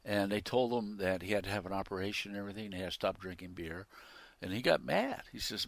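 A man preaching a sermon who swings from loud, emphatic declarations to quiet asides and reads scripture with rising intensity. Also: lowish voice, fast, gravelly, no echo.

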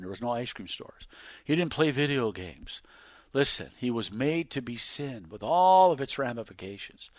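A man preaching a sermon, reading scripture aloud and swinging between loud emphasis and hushed whispers. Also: mid-range voice, dry recording. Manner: reads scripture aloud in King James wording.

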